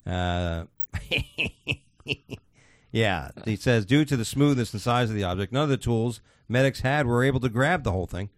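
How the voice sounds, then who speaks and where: A man's voice: medium pitch, animated, measured pace, no room sound, studio quality. A man hosting a podcast, chatting casually and reading out odd news stories in a crude, swearing, laughing way. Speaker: podcast host.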